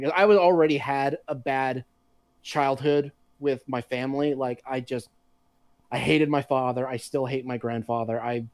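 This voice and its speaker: A man chatting casually on a podcast, telling animated, profanity-laced stories. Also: medium pitch, no room sound. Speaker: podcast co-host. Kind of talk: casual chat.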